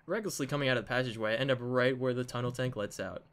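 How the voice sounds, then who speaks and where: A man's voice: mid-range voice, racing, fairly bright tone. A man reading a visual novel aloud in a dramatic way, slipping in joking asides. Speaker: game narrator.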